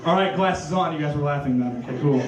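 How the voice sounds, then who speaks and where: A young man from Iowa performing a stand-up set, deadpan and dropping into silly voices for punchlines. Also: fairly high pitch, fast, muffled recording. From Cedar Valley, Iowa. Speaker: stand-up comedian. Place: comedy club stage. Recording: echoey club from far off.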